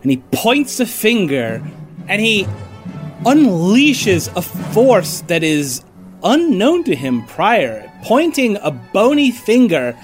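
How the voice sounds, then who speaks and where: A woman takes her turn in a tabletop game, halting and restarting as she thinks aloud. She talks slowly, her pitch lively and varied. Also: faint music behind. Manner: hesitant, halting speech. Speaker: player. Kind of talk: tabletop role-play banter.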